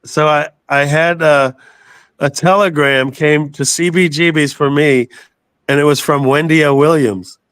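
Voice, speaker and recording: An older man telling a story as an interview guest, animated, swearing freely and laughing as he goes. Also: on the high side, unhurried, clear, resonant tone, no room sound. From southern United States. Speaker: guest musician.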